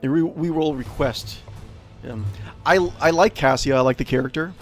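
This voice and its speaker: A man's voice: medium pitch, normal speed, soft background music. A man casually commentating his own video game playthrough, rambling with lots of fillers. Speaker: let's play host.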